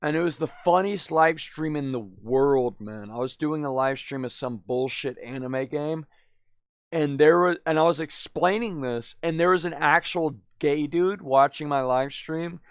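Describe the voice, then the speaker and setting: A man's voice: on the high side, measured pace, clear, resonant tone, dry recording. A man live streaming, telling a story in a rambling, slangy way, constantly saying "dude" and "man". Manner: laughs often, drifts loud then quiet.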